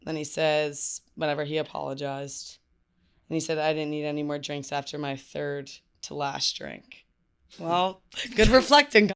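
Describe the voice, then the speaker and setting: A woman's voice: low-pitched, unhurried, clear, resonant tone. Laughing woman podcast host telling a story. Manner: storytelling, laughs often, filler-heavy. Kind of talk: casual podcast chat.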